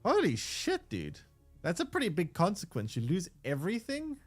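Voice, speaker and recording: A man's voice: high voice, huge pitch swings, moderate pace, faint music behind. A man streaming a game, ranting in exasperation and swearing at what happens on screen. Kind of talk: live gameplay commentary.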